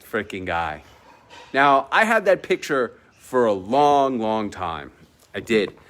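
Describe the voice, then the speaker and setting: A man at an ordinary pitch recounts a personal story to the camera in a loose, casual way. He talks emphatically and boastfully, drops in casual swearing, and slips into the voices of the people he quotes. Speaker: entrepreneur telling a personal story. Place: at a villa at sunset.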